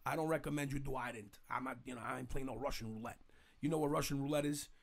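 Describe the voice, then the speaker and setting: A man's voice: mid-range voice, steady tone, quick pace, creaky. A man with a New York accent hosting a casual political talk show, rambling and saying "you know" constantly. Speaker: host.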